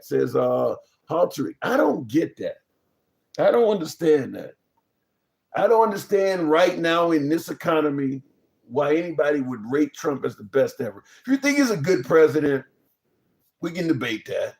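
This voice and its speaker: A man's voice: fairly high pitch, big pitch swings, moderate pace, vocal fry. Blunt, incredulous man. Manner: blunt, incredulous, swears freely. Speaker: political talk stream host. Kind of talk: casual live-stream commentary reading chat.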